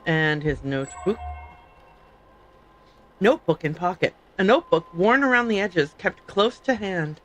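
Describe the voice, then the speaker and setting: A woman's voice: lowish voice, animated, a little slow, long pauses, a bit bright, poor audio. A woman streamer giving casual, jokey commentary while reading on-screen game text aloud.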